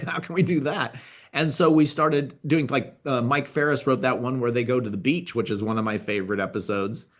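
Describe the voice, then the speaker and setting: A man talking as a guest in a casual chat, his voice mid-pitched and ordinary. He rambles as he recalls things, restarting sentences and filling pauses with fillers. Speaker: guest, TV writer and producer.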